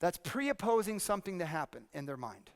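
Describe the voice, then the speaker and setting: Energetic male seminar speaker, high voice. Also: fairly quick. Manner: energetic, drills the audience with repeated questions. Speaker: speaking coach presenting a workshop. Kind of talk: live seminar presentation to an audience. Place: conference hall with audience. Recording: long hall reverb.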